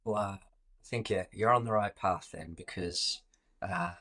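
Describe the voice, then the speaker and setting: A man with an Australian accent, a podcast guest speaking in a relaxed, rambling way with many fillers. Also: deep voice, moderate pace. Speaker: podcast guest, jiu-jitsu instructor. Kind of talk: casual interview chat.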